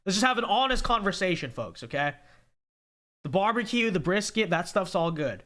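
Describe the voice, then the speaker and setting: A man's voice: sits high, lively intonation, normal speed, sharp tone. A young man from California hosting a casual livestream, reading viewer chat and answering it in an emphatic way, often tagging "okay?" onto his points.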